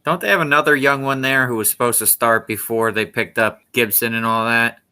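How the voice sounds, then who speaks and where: A man's voice: medium pitch, fairly even intonation, a little fast, pushed and bright, clear, resonant tone. A man co-hosting a podcast in casual chat over a video call, rambling and restarting his sentences. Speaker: podcast co-host.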